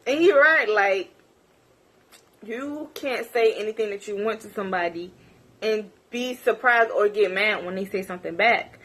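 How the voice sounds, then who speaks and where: A woman's voice: medium pitch, normal speed, a bit bright. A young woman vlogger chatting animatedly through a gossipy episode recap, breaking into laughs and squeals.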